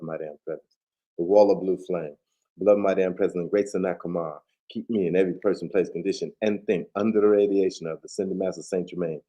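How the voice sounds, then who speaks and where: Deep, mellow-voiced man on a video call. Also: husky. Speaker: guest co-host. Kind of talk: casual chat and recited prayer.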